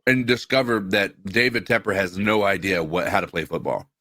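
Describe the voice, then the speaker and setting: A man offers his take on a sports podcast, stopping and restarting as he searches for words. His voice is low-pitched yet bright and forceful. The sound is dry and close to the mic. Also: normal speed, no echo. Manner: hesitant, restarts often. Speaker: podcast co-host. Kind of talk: casual sports chat.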